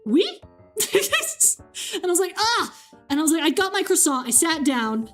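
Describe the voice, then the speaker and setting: A high-pitched young woman chats loosely with her stream audience, reading messages aloud and slipping into quoted voices as she tells a story. She laughs often between lines. Faint music plays in the background. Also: lively intonation, normal speed. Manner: chatty, reads chat aloud, laughs often, acts out quotes. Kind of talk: casual chat.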